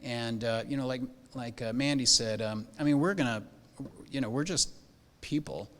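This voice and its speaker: A man's voice: medium pitch, normal speed, fairly bright tone. Older man, rambling heartfelt pastor. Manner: rambling, heartfelt, many fillers and restarts. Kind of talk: welcome speech to new parents. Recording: hall with long reverb.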